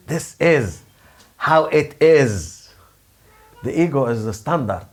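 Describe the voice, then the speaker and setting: A man's voice: on the high side, moderate pace, slightly rough. A man preaching a sermon in simple, broken English, acting out angry voices to make his points. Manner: non-native English, simple broken grammar; animated, acts out angry ego voices. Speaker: Sufi preacher.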